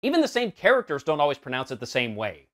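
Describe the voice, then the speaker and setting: Sarcastic male reviewer, fairly high voice that leaps around, scripted comedy commentary. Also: wildly swooping pitch, fast talker, a bit bright. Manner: sarcastic, exasperated. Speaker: film reviewer.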